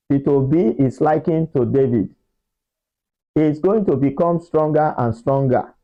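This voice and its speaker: A man's voice: mid-range voice, creaky, lo-fi sound. A man preaching a political sermon, emphatic and repeating his phrases for effect.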